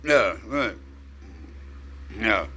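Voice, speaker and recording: A man with the hiccups talking casually to camera, halting and full of filler words. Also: fairly low pitch, animated, pushed and bright. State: has the hiccups. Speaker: vlogger. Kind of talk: rambling casual monologue.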